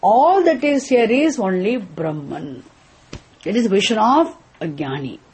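A woman's voice: mid-range voice, big pitch swings, measured pace, darkish tone, a little hiss or hum. A woman giving a philosophy lecture as a spiritual teacher, often stopping to quiz her listeners and repeating key terms for emphasis. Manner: quizzes listeners with rhetorical questions.

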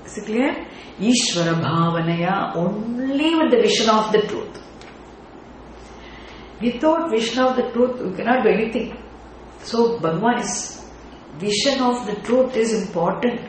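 A slow, unhurried teacher lecturing on scripture, pausing to ask the class whether it follows and lilting key terms in a chant. The voice rings through a very reverberant hall, with a faint room hum underneath. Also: mid-range voice. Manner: deliberate, often asks the class rhetorical check questions. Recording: very echoey room with faint ambience.

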